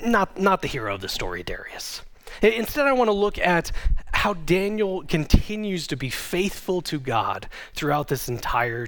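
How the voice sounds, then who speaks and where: A man's voice: a little high, fairly bright tone. A man, a pastor, gives a conversational sermon, retelling a scripture story and reading it aloud. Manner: conversational storytelling with dramatic quoted voices.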